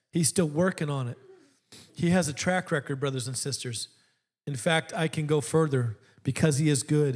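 A preacher with a high, light voice tells a story from the pulpit. He moves between humor and fervent exhortation, addressing the congregation as brothers and sisters. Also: darkish tone. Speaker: pastor. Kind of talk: sermon.

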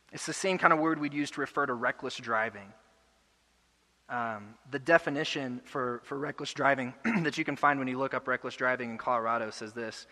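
A young adult man preaching a sermon earnestly, building to loud emotional peaks. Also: mid-range voice, long reverb tail. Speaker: pastor. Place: church hall.

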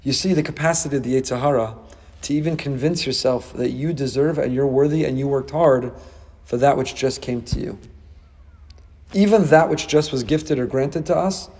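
A man, a rabbi giving a Torah class, animated and acting out dialogue with rhetorical questions. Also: medium pitch, big-room sound.

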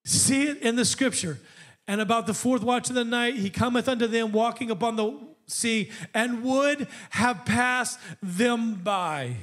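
A man preaching a sermon with call-and-response asides, building from calm teaching to shouted climaxes. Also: very high voice, measured pace. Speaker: pastor.

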